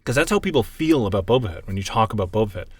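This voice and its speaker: Low-voiced man in animated casual chat. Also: racing, slightly rough. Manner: animated, swears freely, acts out movie scenes. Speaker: podcast co-host.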